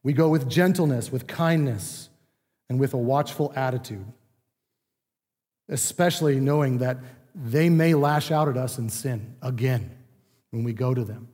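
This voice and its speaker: A man's voice: medium pitch, a little slow, long pauses, darkish tone. Man preaching in a reverberant church. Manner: conversational teaching, acting out quoted speech. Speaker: pastor. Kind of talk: sermon. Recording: long reverb of a large room.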